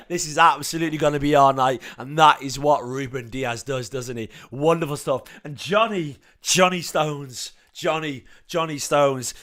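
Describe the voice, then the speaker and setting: Hoarse, passionate Mancunian man. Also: a little high, a bit bright. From Manchester, England. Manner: passionate, repetitive, gushing. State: hoarse, lost voice. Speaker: football fan channel host. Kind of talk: emotional match reaction vlog.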